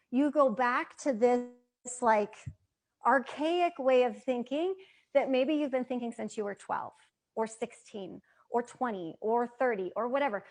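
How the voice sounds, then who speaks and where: High-voiced woman giving an emphatic motivational talk. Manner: earnest, emphatic, repeats phrases for effect. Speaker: motivational speaker.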